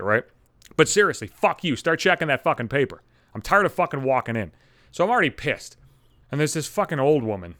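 A man's voice: medium pitch, fairly bright tone, no echo. A man in a profane, exasperated comedic monologue rant, swearing constantly. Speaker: comedic ranter.

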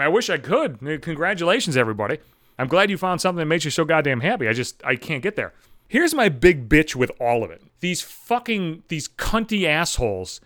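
A young man launches into a profane, sarcastic comedic rant, mocking others with put-on voices. His voice sits on the high side with a fairly bright tone, captured in a dry, studio-quality recording.

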